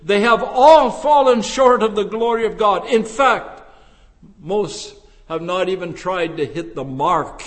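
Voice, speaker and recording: A man with a notably high voice preaches at an unhurried, measured pace. His deliberate delivery swells into emphatic peaks. The sound rings with the long reverb of a large hall. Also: animated. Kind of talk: sermon.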